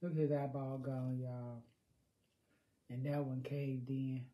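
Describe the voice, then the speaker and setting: A woman's voice: very deep voice, little pitch movement, slow pace, dark tone. An older woman, chatting folksily while she eats and savors her food on a vlog, humming "mm" between bites. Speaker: food vlogger. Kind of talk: casual eating vlog chat. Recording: roomy echo.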